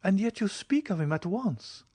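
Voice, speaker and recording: A man doing an eager young woman, pleading high. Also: very animated, moderate pace, dark tone, husky, no room sound, exaggerated voice. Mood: distressed. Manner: raised, breathless pleading. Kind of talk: audiobook character reading.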